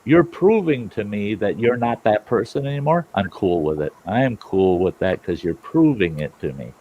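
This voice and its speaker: A middle-aged man with a very low, deep voice spins a casual, rambling yarn as the host of a storytelling show. His manner is folksy and salty, and he swears freely. Faint noise sits behind him, with insects chirping. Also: lively intonation, moderate pace, highs cut off.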